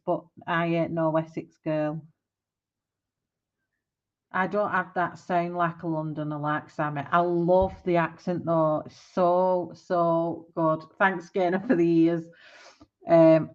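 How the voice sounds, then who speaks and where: A woman's voice: low-pitched, lo-fi sound. A woman in her forties chatting casually on a live stream while she colours, rambling and laughing often. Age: 40s. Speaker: art livestreamer.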